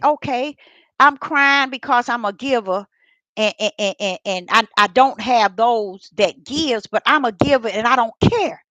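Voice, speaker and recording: An older woman with a fairly high, sharp voice recounts a personal faith story on her vlog, with no room sound. Heartfelt and repetitive, she talks straight to the people watching.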